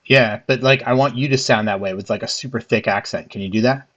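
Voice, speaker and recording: A man's voice: medium pitch, fast talker, a bit bright, lo-fi sound. A man from the Philadelphia area, chatting casually with frequent restarts and easy laughs. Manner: hesitant, restarts often, laughs easily. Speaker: host. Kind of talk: casual chat.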